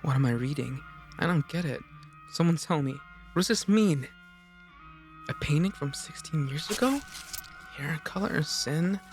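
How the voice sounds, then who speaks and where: A man's voice: fairly high pitch, moderate pace, faint music behind, lightly acted. A man voicing an anxious young noble girl. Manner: anxious, self-scolding. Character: frightened fourteen-year-old noble girl.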